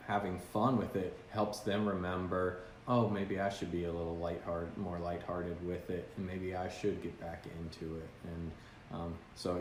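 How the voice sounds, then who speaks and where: A man's voice: low-pitched, a little mellow. A man hosting a podcast in casual chat, earnest and reflective, with frequent ums and uhs. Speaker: podcast host. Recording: roomy sound with faint noise.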